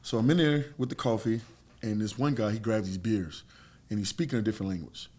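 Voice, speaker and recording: A man in his forties, a former fighter, spinning stories in loose conversation. His speech is blunt and peppered with profanity, and it turns animated as the tales build. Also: on the low side, fairly quick. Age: 40s. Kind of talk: casual storytelling chat.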